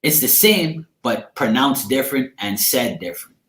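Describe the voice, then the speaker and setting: A man's voice: mid-range voice, big pitch swings, moderate pace, fairly bright tone, reverberant. A man from Bermuda with a Bermudian accent, rambling in slangy, profane casual chat as he hosts a livestream. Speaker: livestream host.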